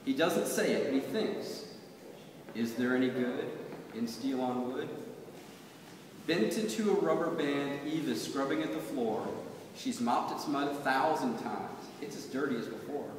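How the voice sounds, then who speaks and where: A man reciting his own poems in a measured, rhythmic way at a reading. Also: medium pitch, expressive, a little hiss or hum. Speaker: poet. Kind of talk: poetry reading. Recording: echoey hall from far off.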